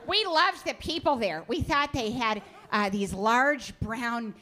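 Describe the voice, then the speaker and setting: A woman's voice: on the high side, lively intonation, takes it slowly, bright, forceful tone, exaggerated voice. A woman voicing an oblivious, pompous middle-aged mother who talks in a sweetly patronizing, airy way. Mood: gushing. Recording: live club with audience laughter.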